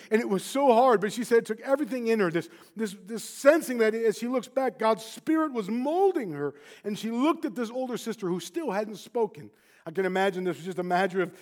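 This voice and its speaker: A man preaching a sermon, telling a story and swinging from hushed to impassioned. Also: high-pitched.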